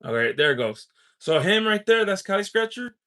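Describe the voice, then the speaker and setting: A man's voice: high-pitched, sing-song, fairly quick, pushed and bright. A man hosting a casual live stream, telling a story in a rambling way full of "you know" and "um", laughing often and reading out and answering viewer chat. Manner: laughs often while talking.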